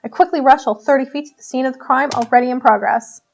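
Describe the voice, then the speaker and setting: A woman's voice: sits high, fast talker. A woman streamer reading a visual novel aloud, giggling often and joking about her own reading. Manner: giggly, playful, self-mocking.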